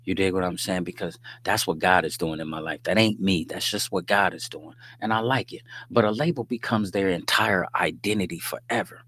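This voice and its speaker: A lowish, sharp-toned man speaks a little fast with few pauses as he hosts a casual faith-based livestream on a livestream mic. He's conversational and preachy, mixing street slang, sermon-style points, and laughing jokes, often checking in with "you dig what I'm saying."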